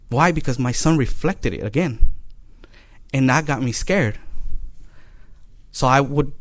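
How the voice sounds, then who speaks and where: Earnest halting man telling his story. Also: mid-range voice, a bit bright, no echo. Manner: earnest, halting, repeats phrases. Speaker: speaker giving a personal testimony. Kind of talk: emotional personal testimony.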